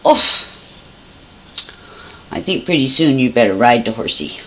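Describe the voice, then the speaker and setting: A woman's voice: extremely low pitch, very animated, measured pace, highs cut off, very noisy. A woman filming her pet at home on a handheld camcorder, coaxing and praising it in cooing baby talk. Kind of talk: home video chat with a pet.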